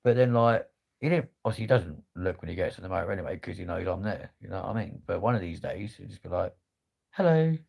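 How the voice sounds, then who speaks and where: Gravelly sweary bloke. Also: male voice, low-pitched, quick pace, a little mellow. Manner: sweary, laddish banter. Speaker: livestream host. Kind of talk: casual livestream chat.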